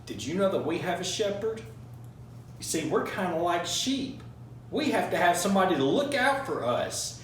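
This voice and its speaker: A man leading a children's Bible class, singing songs and having the kids repeat a verse after him in a slow, encouraging way. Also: sits high, sing-song, a little hiss or hum. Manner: slow, encouraging, leads call-and-response. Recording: roomy echo from a distance with faint music.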